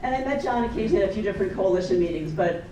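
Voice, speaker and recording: A woman giving a brisk, matter-of-fact speech at a memorial gathering, using some fillers. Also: mid-range voice, lively intonation, dark tone, muffled recording, slight background noise. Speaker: memorial speaker. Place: large hall. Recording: echoey hall, mic from far off.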